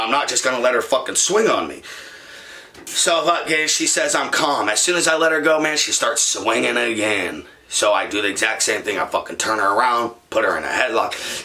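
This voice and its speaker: Young male vlogger, profane and rambling storyteller, sharp and forceful tone. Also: fairly low pitch, fairly quick. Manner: rambling, profane, with many fillers. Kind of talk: casual storytime monologue.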